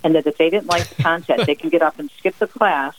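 A middle-aged woman from New Jersey speaks as a guest author on a radio interview. She tells stories emphatically and keeps them lively. She drops into quoted sayings with extra punch. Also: deep voice, fast talker, a little hiss or hum, low-quality recording. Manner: lively, emphatic, acts out her mother's sayings. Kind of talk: radio interview, personal storytelling.

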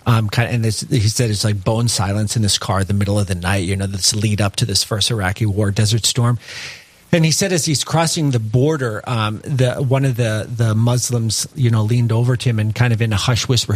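A man, a Catholic priest, speaking earnestly and reflectively in a conversational faith discussion and telling a story with many asides. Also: mid-range voice. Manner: earnest, reflective, tells stories with many "you know" asides.

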